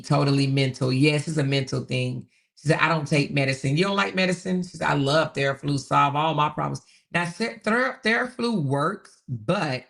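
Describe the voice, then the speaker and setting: Gravelly-voiced woman chatting on a livestream. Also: sits low. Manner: chatty, repeats herself, laughs often. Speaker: livestream host reading viewer chat. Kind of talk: casual live chat.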